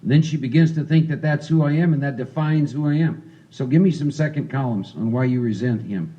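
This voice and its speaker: A man's voice: mid-range voice, a little fast, mellow, lo-fi sound. A man leading a recovery workshop, talking casually and coaching volunteers through a role-play. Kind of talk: interactive recovery workshop talk.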